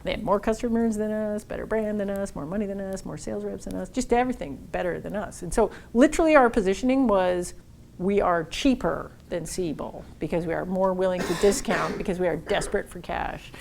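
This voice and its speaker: A woman giving a marketing workshop talk, telling a lively, blunt story and acting out the dialogue. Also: mid-range voice, brisk, vocal fry, a little hiss or hum. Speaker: workshop speaker.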